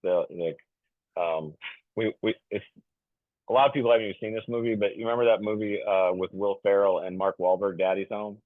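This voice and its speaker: A podcast guest in his fifties, deep-voiced and steady in tone, speaks a little fast as he meanders through a casual story, stumbling on fillers and restarts. His manner is jokey, and he labels himself goofy. The sound is tinny and phone-like, with no room echo.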